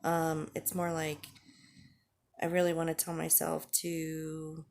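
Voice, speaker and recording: A woman in her forties talking candidly to the camera in a halting, earnest way, with frequent pauses and fillers. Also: low voice, completely flat delivery, vocal fry, a little mellow. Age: 40s. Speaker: vlogger. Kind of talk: candid personal vlog talk.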